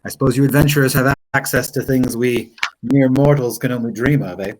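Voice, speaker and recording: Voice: medium pitch, fairly even intonation, a little fast, noisy background, natural voice. A tabletop game master voicing a shy male blacksmith who stammers nervously and keeps repeating himself.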